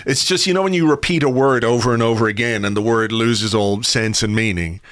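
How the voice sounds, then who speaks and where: A man's voice: mid-range voice, brisk, a bit bright, dry recording, clean studio sound. A man hosting a podcast in casual chat, rambling with fillers and restarts, a little hungover. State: slightly hungover. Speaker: podcast host.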